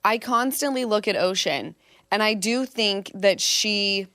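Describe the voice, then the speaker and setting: A woman in her thirties hosts a podcast, chatty and quick to laugh as she spins long stories. Her voice sits at a middle pitch. It is recorded dry and close. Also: pushed and bright, dry recording. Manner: chatty, laughs often, tells long anecdotes. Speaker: podcast host. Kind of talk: casual chat.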